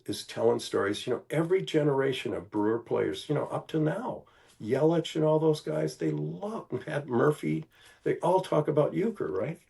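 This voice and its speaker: An older man from Milwaukee, telling stories as a podcast guest in an animated, casual way, peppered with "you know". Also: on the low side, gravelly, slightly rough. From Milwaukee, Wisconsin. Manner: animated, acts out quoted voices, many "you know"s. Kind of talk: casual storytelling.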